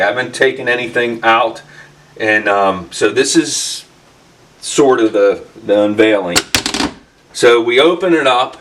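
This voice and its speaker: A man's voice: mid-range voice, a bit bright, recorded from a distance. A man hosting a casual vlog, telling a story in a rambling way with many fillers and restarts in his workshop. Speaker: channel host.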